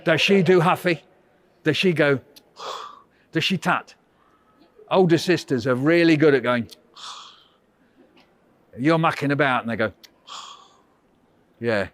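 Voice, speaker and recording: A man's voice: fairly high pitch, slow pace, pauses often. A man leading a school workshop for children over a video call, telling playful stories and teasing them in a theatrical, mock-huffy way. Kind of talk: playful storytelling talk to children.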